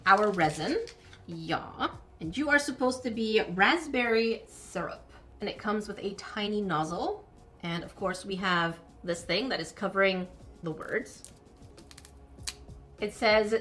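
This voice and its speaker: A woman's voice: medium pitch, bright, forceful tone. A woman chatting playfully through an unboxing of miniature food kits, sometimes mock-indignant. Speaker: miniature crafting vlogger. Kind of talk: unboxing voice-over.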